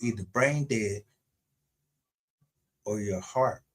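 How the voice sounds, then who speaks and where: A man's voice: fairly low pitch, slow pace, a bit bright. A man hosting his own livestream show, ranting in a heated, profane and confrontational way. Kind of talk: unscripted livestream rant.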